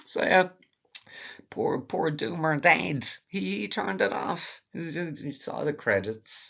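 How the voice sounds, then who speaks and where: A man's voice: a little high, a little slow, creaky, fairly bright tone. A man delivering a rambling, profane monologue, laughing often as he digresses. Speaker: vlogger.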